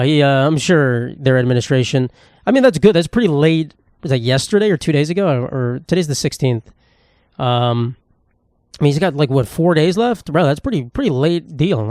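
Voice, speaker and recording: A man's voice: mid-range voice, lively intonation, normal speed, darkish tone, no echo, studio quality. A young man, hosting a solo comedy podcast in a profane, sarcastic, rambling rant. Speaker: podcast host.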